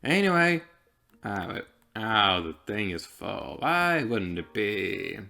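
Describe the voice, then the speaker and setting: A man's voice: on the low side, sing-song, takes it slowly, gravelly, pushed and bright. A young man with a slight lisp, chatting casually while commentating a game he plays. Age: young adult. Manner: chatty and rambling, heavy use of "like". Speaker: let's player.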